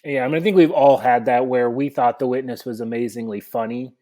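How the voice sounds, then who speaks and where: Man, mid-pitched podcast co-host, coaching tone. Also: steady tone, fairly quick, dark tone. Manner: explanatory, coaching tone with rhetorical questions. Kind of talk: conversational podcast advice.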